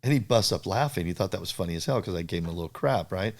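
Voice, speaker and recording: Rapid-fire and low-sitting, this older man's voice belongs to a surfboard shaper spinning lively tales during a relaxed interview. He performs other people's lines, raising his voice to do so.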